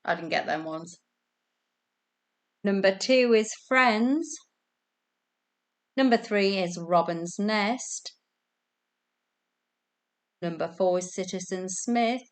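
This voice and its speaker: A woman hosting a casual online quiz over a video call from home, chatty, giggly and self-deprecating. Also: medium pitch. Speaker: quiz host.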